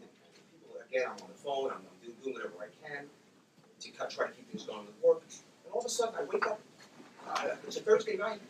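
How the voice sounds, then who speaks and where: Animated man in his forties, distant. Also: on the high side. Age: 40s. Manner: animated, acts out his own and others' words. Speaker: speaker telling his story to an audience. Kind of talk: personal story talk. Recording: roomy, distant, with background noise.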